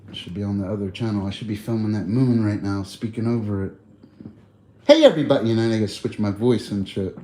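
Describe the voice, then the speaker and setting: A man's voice: fairly low pitch, level tone, quick pace, few pauses, mellow, a little hiss or hum. A man chatting loosely on a livestream, rambling in slang and laughing often. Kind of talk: casual livestream chat.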